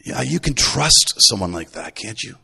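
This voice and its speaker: A middle-aged man, a grandfather, preaching a Sunday sermon in a relaxed, folksy way, full of restarts. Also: lowish voice, moderate pace, vocal fry, breathy edge. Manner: conversational, folksy, with repeated restarts. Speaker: pastor. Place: church. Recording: long reverb of a church hall.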